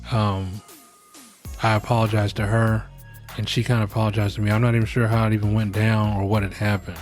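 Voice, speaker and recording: A man's voice: mid-range voice, a little mellow. A middle-aged man hosting a podcast, giving frank, rambling, jokey advice in a casual monologue.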